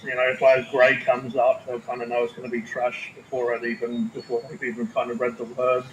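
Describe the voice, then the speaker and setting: Man, casual live chat, flat level delivery, swears easily, roomy room with faint hum. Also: medium pitch, brisk, highs cut off. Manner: rambling, restarts often, swears casually. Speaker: food review video maker. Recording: roomy space with faint ambient noise.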